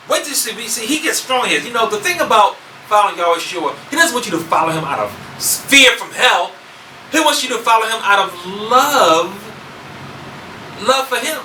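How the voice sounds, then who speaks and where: A man preaching a sermon, emphatic and repetitive, building to shouts. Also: sits high, animated, normal speed, echoey room, far from the mic, slight background noise, low-quality recording.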